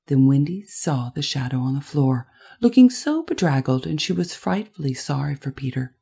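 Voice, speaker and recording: A woman narrating a classic children's story in a gentle, expressive way. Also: low voice, moderate pace, gravelly, slightly rough. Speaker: audiobook narrator. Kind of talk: scripted narration.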